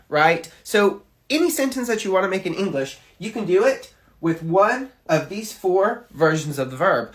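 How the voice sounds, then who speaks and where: A man's voice: sits high, big pitch swings, moderate pace. A man giving an explanatory language lesson, walking through examples step by step and asking rhetorical questions. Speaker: language teacher.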